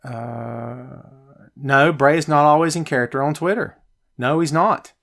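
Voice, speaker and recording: A man's voice: mid-range voice, a little slow. Chatty man hosting a wrestling stream. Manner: chatty, animated, reads viewer comments aloud. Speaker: podcast host. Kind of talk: live-stream chat with viewers. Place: hot home office. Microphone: headphones, phone nearby.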